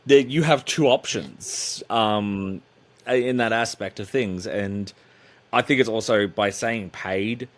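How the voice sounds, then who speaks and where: A man's voice: fairly low pitch, takes it slowly. A man, a podcast guest who rambles and makes sarcastic jokes in casual chat.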